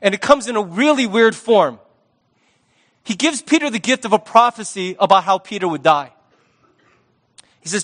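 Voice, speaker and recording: A male pastor giving a sermon in a conversational, lively manner with sports talk. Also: sits high, moderate pace, pauses often.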